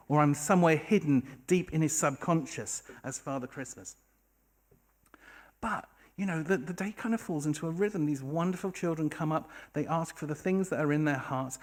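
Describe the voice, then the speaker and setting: A man telling a funny story on a bar stage, wry and self-deprecating. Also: a little high. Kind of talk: live storytelling.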